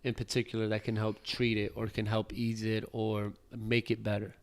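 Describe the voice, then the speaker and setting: A man's voice: on the low side, monotone, moderate pace. A man in his twenties co-hosting a casual podcast chat, joking and often repeating words as he restarts. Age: 20s. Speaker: podcast co-host.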